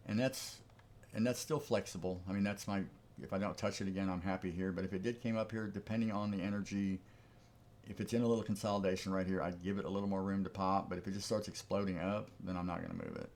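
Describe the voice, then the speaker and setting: A man's voice: low voice, quick pace, a little mellow. A man giving casual live-stream commentary on his trades, thinking aloud in an easygoing way. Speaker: trading streamer.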